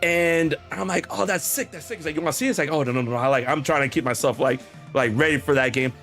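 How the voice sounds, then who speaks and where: A young man hosting a podcast, telling a long story in a rambling, animated way with many restarts and quoted dialogue. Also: a little high, fast, faint music behind. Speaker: podcast host. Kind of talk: casual storytelling chat.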